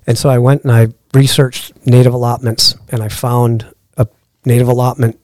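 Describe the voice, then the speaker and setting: Here the podcast guest, a middle-aged lodge owner, has a medium-pitched voice with no echo. He tells a long anecdote casually and acts out the characters' dialogue in a lively manner.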